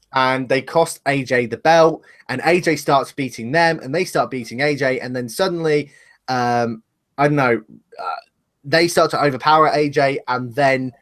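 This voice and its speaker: A man's voice: medium pitch, a bit bright. A man co-hosting a casual live discussion show, rambling and speculating, laughing at himself, talking over a webcam. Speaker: podcast co-host.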